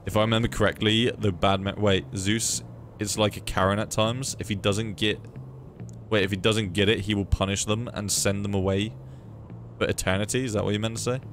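A man's voice: on the low side, level tone, a little fast, a bit bright, soft background music. A young man streaming a game, chatting casually, swearing freely and reading chat aloud. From United Kingdom. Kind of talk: casual live gameplay commentary.

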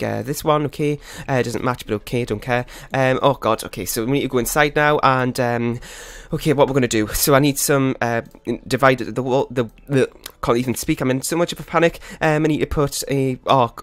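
A man talks through his gameplay in a frazzled, rambling way, scolding himself as he goes. His voice sits in an ordinary middle range. It is recorded close on a desk microphone with a dry, deadened sound and no room echo. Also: medium pitch. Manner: flustered, rambling, self-critical. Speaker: gaming channel host. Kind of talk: live gameplay commentary. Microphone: desktop USB microphone.

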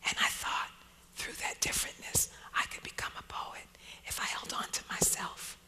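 A woman poet speaking in an onstage conversation, whispering softly throughout. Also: normal speed, poor audio.

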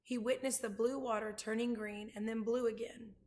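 A woman reading a children's chapter book aloud, pausing to show pictures to her listeners. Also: fairly high pitch, fairly even intonation, a little mellow. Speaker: reader.

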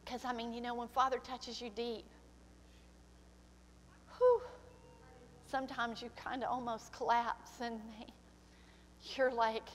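A woman's voice: a little high, takes it slowly, long pauses, in a large hall, a little hiss or hum. An older woman pastor preaching a sermon, emotional and tearful, slipping into prayer. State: crying. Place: church sanctuary.

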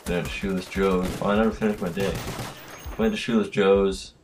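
A gaming commentator, young, tired and tipsy, speaks in a low, level voice at a moderate pace, rambling, trailing off and yawning late at night. Faint hiss from his built-in computer mic and game gunfire fill the background.

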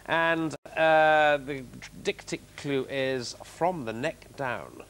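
A man's voice: on the high side, takes it slowly, few pauses, fairly bright tone, slight background noise. An older man hosting a game show, joking and punning in a rambling way. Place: television studio.

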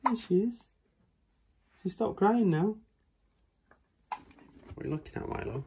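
Woman cooing at her dogs at home, slow and lively, low voice. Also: noisy background. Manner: coaxing pet talk, soft and affectionate. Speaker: dog owner and new mother filming at home. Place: family home.

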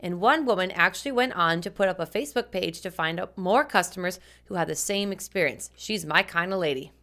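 A woman's voice: on the low side, fairly quick, a bit bright. A woman co-hosting a scripted consumer news commentary, speaking directly and earnestly to viewers. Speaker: co-host.

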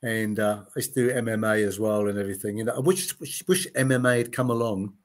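A man in his late sixties who used to be a TV gladiator talks fast in a lowish voice, telling anecdotes in a casual interview. He impersonates the people he quotes and peppers his speech with "you know."

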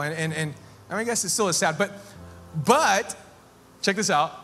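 High-voiced pastor preaching in a reverberant church. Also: male voice, moderate pace, fairly bright tone. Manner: earnest, rising to fervent preaching with repeated phrases. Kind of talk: sermon. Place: church sanctuary. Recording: long church hall reverb with music behind.

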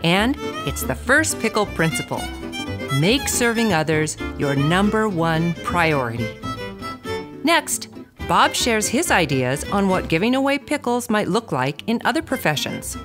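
A woman's voice: medium pitch, sing-song. Woman narrating over guitar music. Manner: measured, clear introductions. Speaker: podcast host and narrator. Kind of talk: scripted narration. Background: guitar and fiddle music.

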